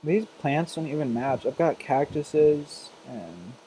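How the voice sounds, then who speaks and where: A man's voice: a little high, very animated, takes it slowly, mellow, a little hiss or hum, low-quality recording. A young man chatting casually and playfully while streaming a life-sim game, with sassy, dramatic asides to his viewers. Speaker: Sims gameplay streamer. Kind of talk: casual live-stream chat over gameplay.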